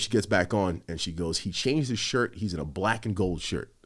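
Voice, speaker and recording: Podcast guest: low-voiced man, rapid delivery, animated, cursing, acts out his own lines. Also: husky. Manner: animated, heavy swearing, quotes himself. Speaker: podcast guest, former police officer. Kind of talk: casual storytelling.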